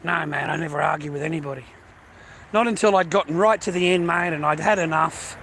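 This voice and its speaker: An Australian man vents in a bitter, aggrieved rant, swearing constantly and circling back to the same complaints. His voice sits a touch higher than most men's. A faint hum of background noise stays under him. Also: fairly quick, creaky, fairly bright tone. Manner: aggrieved, heavy swearing, repetitive. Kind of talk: angry personal rant.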